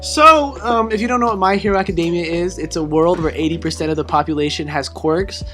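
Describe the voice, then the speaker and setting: A man's voice: high voice, a little fast, sharp tone, soft background music. A young man hosting a casual podcast, explaining with crude jokes and many fillers. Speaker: podcast host. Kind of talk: casual chat.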